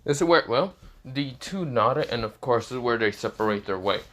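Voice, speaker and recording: A man's voice: medium pitch, animated, normal speed, a bit bright. A man improvising a fan fiction story in a rambling, crude, casual way.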